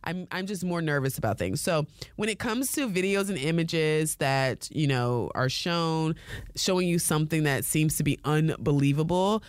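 A woman's voice: sits low, expressive, normal speed, no echo, studio quality. A woman hosting a podcast, talking casually and chattily, often laughing and using fillers. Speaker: podcast host. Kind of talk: casual solo talk.

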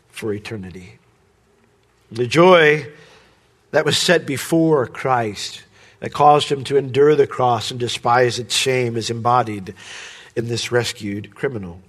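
A pastor preaching a sermon, who climbs high and loud when he voices other people's demands and drops low and soft at the ends of phrases. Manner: rises sharply in pitch and volume when voicing the criminal's demands.

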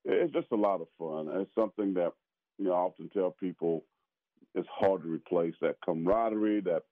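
A man's voice: sits low, fairly quick, no room sound. A man from South Carolina, a pastor and former football player, talking casually with many restarts and fillers. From South Carolina, USA. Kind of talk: casual conversation. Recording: tinny phone-like line.

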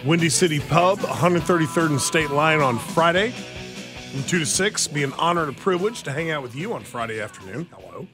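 Chatty opinionated radio host, higher voice. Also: male voice, lively intonation, brisk, music in the background. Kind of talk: casual radio banter. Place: radio studio.

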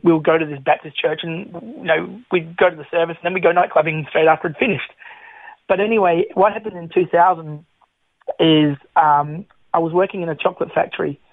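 Middle-aged man, radio guest, animated storyteller, somewhat high voice, tinny phone-line sound. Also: no room sound. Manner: animated, chatty, frequent restarts. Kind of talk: personal testimony storytelling.

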